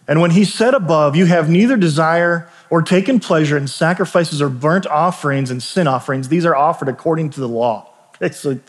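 A fairly high-voiced man preaching in an easygoing, talky manner. He often restarts his sentences and checks in with his listeners. The sound carries the long reverb of a big hall. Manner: conversational, frequent restarts and asides. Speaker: pastor. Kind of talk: sermon.

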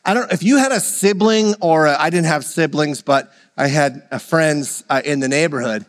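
A man's voice: fairly high pitch, moderate pace, long reverb tail. A man preaching a sermon, leading the congregation in call-and-response and joking with them. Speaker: pastor.

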